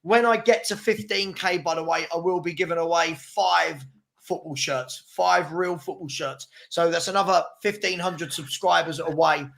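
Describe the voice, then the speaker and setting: A man's voice: on the high side, moderate pace, vocal fry, a bit bright. A man hosting a casual live football chat, arguing his points and urging viewers to subscribe. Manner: chatty, argumentative, keeps urging viewers to subscribe. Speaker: channel host.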